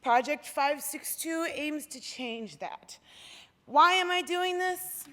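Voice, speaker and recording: A woman's voice: high-pitched, lively intonation, slow, bright, forceful tone. A woman from the Pacific Northwest giving a heartfelt, earnest public talk on a lecture hall stage. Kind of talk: public speech. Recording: long hall reverb.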